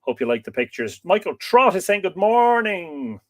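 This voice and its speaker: An Irish man hosting a live stream, reading out viewer comments and chatting in a relaxed, rambling way with lots of fillers. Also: sits high, moderate pace. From Ireland. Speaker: host.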